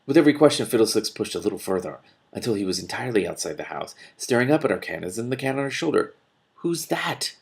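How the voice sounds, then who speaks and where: A man's voice: fairly low pitch, lively intonation, fast talker, gravelly. A man reading a fantasy novel aloud, casually, stumbling and restarting now and then. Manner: reads with restarts and slips, breaks into laughter. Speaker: reader of a novel with commentary. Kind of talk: casual read-aloud narration.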